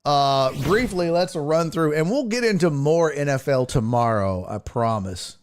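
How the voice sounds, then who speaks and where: Guy doing a sports talk show, slow and lively, voice jumping all over, reacting to news on the fly. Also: a little high. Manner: animated, thinking aloud, reacting to news as he reads.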